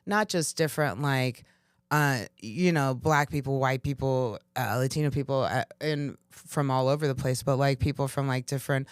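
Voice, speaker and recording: Woman comedian, interview guest; animated storyteller who laughs a lot, dry close sound. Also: very deep voice, moderate pace, smooth, dry recording. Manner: animated storyteller, laughs often, acts out dialogue. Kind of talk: casual interview chat.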